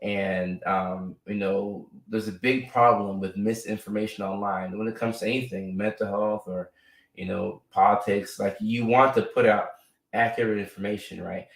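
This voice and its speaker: Speaking at a normal speed with a steady tone, this fairly low, creaky-voiced American man chats his way through a live stream, frequently adding "right?" and fillers. The mic is distant, and the room is echoey.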